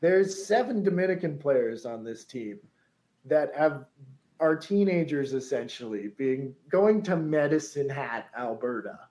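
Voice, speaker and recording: A man's voice: medium pitch, lively intonation, unhurried, a little mellow, low-quality recording. A man co-hosting a podcast, telling a story in a chatty way, laughing often and reading quotes aloud.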